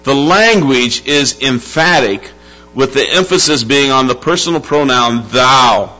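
Male pastor, emphatic sermon delivery, slow and deliberate, bright timbre. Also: medium pitch. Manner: emphatic preaching, slowing to stress words, calling out to the church. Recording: dull lo-fi sound with faint music and hum.

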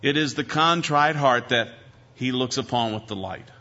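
A man preaching a sermon as pastor, shifting between loud emphasis and quiet, earnest asides. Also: medium pitch, normal speed. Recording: dull lo-fi recording.

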